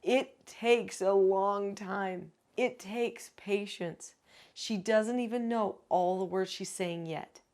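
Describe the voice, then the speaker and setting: A woman working as a parenting educator and author, calmly explaining parenting skills step by step in an advice video. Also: fairly low pitch. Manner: calm, instructive, explains step by step.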